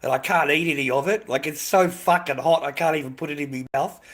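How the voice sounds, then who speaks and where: A man's voice: on the high side, fast talker, a bit bright. An Australian man livestreaming, rambling in casual chat, swearing constantly and ending his lines with "mate".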